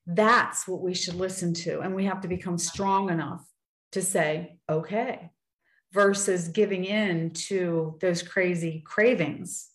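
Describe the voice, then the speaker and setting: A woman's voice: fairly low pitch, fairly even intonation, takes it slowly. A woman guest in casual conversation, telling personal stories earnestly and acting out the people she quotes. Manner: earnest storyteller, acts out quoted voices. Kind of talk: casual faith-tinged chat. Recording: roomy echo.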